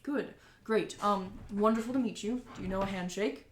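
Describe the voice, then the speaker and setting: A woman's voice: mid-range voice, normal speed, roomy sound, slight background noise, natural voice. A woman voicing a cheerful, talkative male mayor and company boss in a tabletop game, rambling with fillers. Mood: upbeat. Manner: chatty, upbeat, rambling with fillers.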